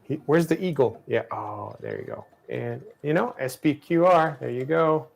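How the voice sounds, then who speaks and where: A man casually co-hosting a livestream, playfully and excitably talking through a strategy game. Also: mid-range voice, moderate pace, creaky.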